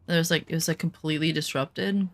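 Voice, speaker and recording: A woman's voice: sits low, steady tone, fast talker. A woman chatting casually to her viewers while streaming a survival game, rambling with lots of fillers. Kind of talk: casual gaming stream chat.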